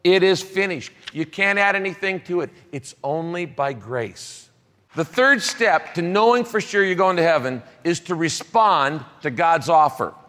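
High-voiced man preaching in a hall. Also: expressive, unhurried, pushed and bright. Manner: rhythmic preaching with repeated lists and phrases. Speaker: pastor. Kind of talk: sermon. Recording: long hall reverb.

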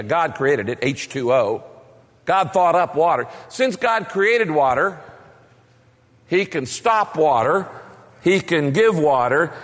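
A man preaching a sermon as pastor, emphatic and fond of repeated rhetorical questions. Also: on the high side. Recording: long reverb of a large hall.

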